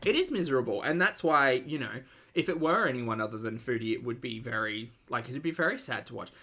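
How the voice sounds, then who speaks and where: A man's voice: medium pitch, expressive, fairly quick, pushed and bright. A man giving blunt, casual live-stream commentary, full of fillers and swearing, reading out viewer chat as he goes.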